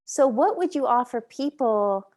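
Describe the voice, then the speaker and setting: A woman hosting an interview, asking reflective, measured questions. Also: on the high side, animated, a little mellow. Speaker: host. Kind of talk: interview conversation.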